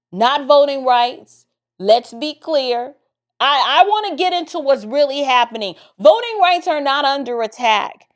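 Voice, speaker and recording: A young adult woman giving a political commentary monologue, emphatic and repetitive, with a preacher-like cadence. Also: high voice.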